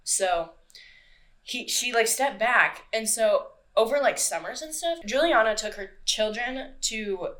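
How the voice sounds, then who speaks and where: A woman hosting a casual true-crime podcast, chatty and quick to swear and laugh. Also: on the high side, expressive, a bit bright. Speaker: podcast host.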